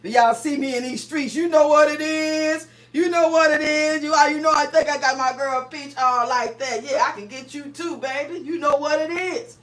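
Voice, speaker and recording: A woman's voice: high-pitched, normal speed, hardly any pauses, a bit bright, echoey room. A woman putting on a cocky, boastful man who shows off and brags in a drawl.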